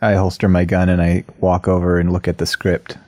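A man's voice: sits low, monotone, fairly quick, no room sound, studio quality. A man playing a tabletop game, describing his character's actions in a matter-of-fact way. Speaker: player. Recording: loud music underneath.

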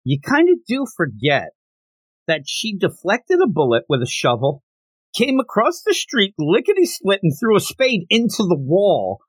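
A man with a high, husky voice co-hosts a manga podcast at a moderate pace, recorded dry. In this casual manga review chat, he's an animated storyteller, retelling scenes with gusto and acting out the characters' lines.

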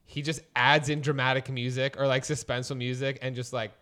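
A man's voice: mid-range voice, flat delivery, a little fast, bright, forceful tone, clean tone. A man in his twenties co-hosting a casual podcast, rambling with lots of fillers and casual swearing. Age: 20s. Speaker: podcast co-host.

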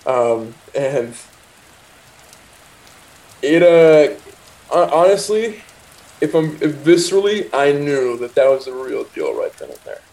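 A man's voice: on the high side, big pitch swings, slow, pauses often, darkish tone, rough recording. A young man casually telling a personal anecdote, rambling with restarts and asides and quoting himself and others. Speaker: storyteller.

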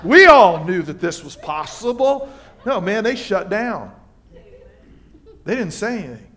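A pastor delivers a lively sermon, shifting between scripture reading and playful asides to his congregation. His voice sits notably high for a man. He talks with a bouncing, animated energy. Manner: animated preaching with asides and quick exchanges with the congregation. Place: church livestream.

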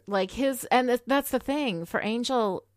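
A woman's voice: fairly high pitch, a little slow, dry recording, studio quality. A woman co-hosting a casual chat about a TV episode, enthusiastic and full of "you know" fillers. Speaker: podcast co-host.

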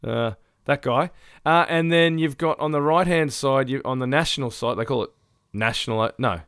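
Male podcast co-host, mid-pitched, sweary ranter, laughs through his lines, dry close mic. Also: moderate pace, fairly bright tone, clear, resonant tone, no echo. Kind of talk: casual chat.

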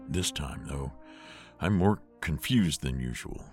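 A man's voice: rumbling low, expressive, slow, music in the background. A man reading first-person audiobook narration in a weary, sardonic way.

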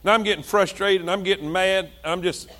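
A male pastor, preaching a sermon with passion, repeating himself and swinging between loud and soft. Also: sits high, fairly even intonation, fairly quick.

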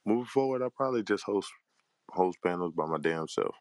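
A man with a very deep voice delivers an angry, profanity-laden rant as a panel host. He sounds heated and exasperated, at times drawn out and weary. The sound is dry and close. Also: lively intonation, brisk, darkish tone, dry recording.

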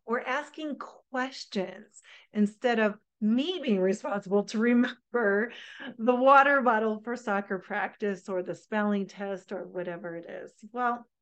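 Middle-aged woman workshop presenter, slightly high voice, chatty and engaging. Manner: lively, conversational, checks in with listeners.

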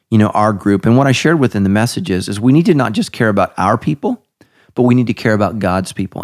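A man's voice: fairly low pitch, darkish tone. A middle-aged man, a pastor hosting a podcast, talking casually and emphatically, his voice jumping up to stress points.

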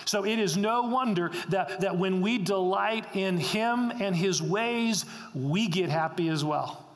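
A middle-aged pastor with a high voice preaches an earnest sermon without hurrying, repeating phrases for emphasis. The hall adds a long reverb.

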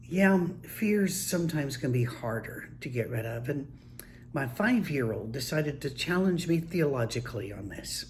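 An older man, a grandfather, telling casual anecdotes in a relaxed, folksy, wry way. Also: medium pitch, a little slow. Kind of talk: casual storytelling monologue.

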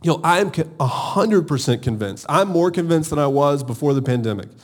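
List: man, pastor, lively sermon, slightly higher voice, calls for responses. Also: a little fast. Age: adult, married. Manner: energetic, calls for audience responses.

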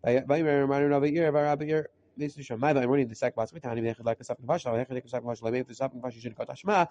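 A man giving a rapid Talmud lesson, reading through Aramaic text in a quick chant and translating it as he goes. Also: mid-range voice, darkish tone, no room sound, muffled recording. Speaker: Talmud teacher. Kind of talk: rapid daf yomi lesson.

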